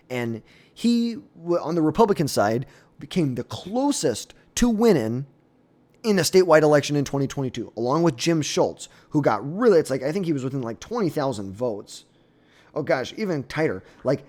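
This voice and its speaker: A man's voice: mid-range voice, darkish tone. A young man giving blunt, opinionated political commentary in a casual, off-the-cuff way, often trailing off and restarting.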